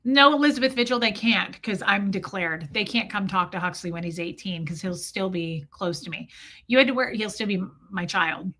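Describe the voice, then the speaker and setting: A woman's voice: mid-range voice, moderate pace, sharp tone. A woman hosting a live stream, talking candidly and emotionally, swearing freely and greeting viewers from the chat. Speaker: livestream host. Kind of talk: casual live-stream talk, reading chat.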